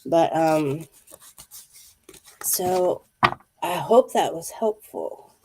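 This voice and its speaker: A woman's voice: deep voice, expressive, extremely slow, dark tone, a little hiss or hum. A wheezy woman in her fifties giving a live card reading, speaking intuitively to viewers by name. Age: 50s. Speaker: tarot card reader.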